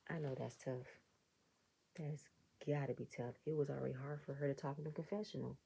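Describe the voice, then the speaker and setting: A woman with a low, dark voice reviews a reality show episode in a relaxed, chatty way. A gravelly fry runs through her speech. She often breaks into sarcastic asides and acts out the reactions of the people she is describing. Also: rough recording. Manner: animated, sarcastic commentary with mock quoted reactions. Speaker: reality TV recap vlogger.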